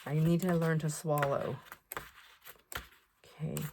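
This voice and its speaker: A woman chatting to camera while showing off a craft haul, excitable and full of fillers and asides. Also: sits low, slow, background noise. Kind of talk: casual chat to camera.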